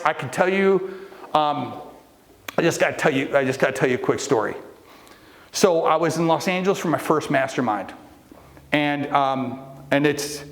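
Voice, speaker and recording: A man's voice: on the high side, gravelly. A middle-aged man coaching a live group, telling a long story with fillers and restarts and acting out the people in it. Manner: storytelling, acts out quoted people. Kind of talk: motivational talk to a live group.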